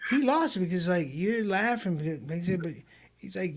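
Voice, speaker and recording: A man who is a comedian, a guest on a live online show, telling stories in an animated way and quoting others in a raised voice. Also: sits high, normal speed. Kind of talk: livestream conversation.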